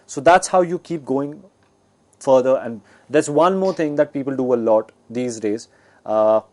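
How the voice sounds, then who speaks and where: A man's voice: fairly high pitch, a little mellow. Man explaining communication skills. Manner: explanatory, with frequent fillers and restarts. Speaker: guest speaker. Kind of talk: educational talk on communication.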